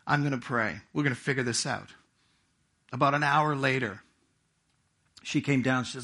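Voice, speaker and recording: A man's voice: medium pitch, moderate pace, pauses often, sharp tone, slightly rough. A middle-aged man preaching a sermon, telling a personal testimony in a conversational, storytelling way with asides to the congregation. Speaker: pastor.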